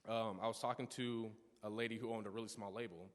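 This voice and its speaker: A man's voice: on the low side, steady tone, fast talker. Young man's earnest church testimony, reverberant. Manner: earnest storytelling with frequent restarts and asides. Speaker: youth speaker giving a testimony. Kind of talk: personal testimony talk in church worship. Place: church sanctuary.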